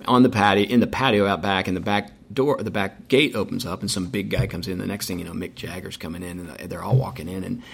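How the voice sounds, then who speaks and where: Fast-talking low-voiced man telling stories. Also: fairly even intonation, gravelly, husky. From Indiana, United States. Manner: rambling, many restarts and fillers. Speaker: racetrack president, guest. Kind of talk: casual interview storytelling.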